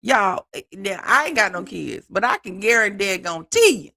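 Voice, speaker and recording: A man hosting a live stream, talking to viewers in a casual, animated way about reality TV clips. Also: sits high, measured pace, creaky. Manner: animated, laughing, talks to viewers as "y'all". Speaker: host reacting to reality TV clips.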